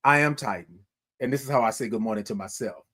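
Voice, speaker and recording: A man's voice: medium pitch, fast, fairly bright tone. A man hosting a morning livestream in a casual, exuberant way, reading out chat comments and sometimes singing his greetings.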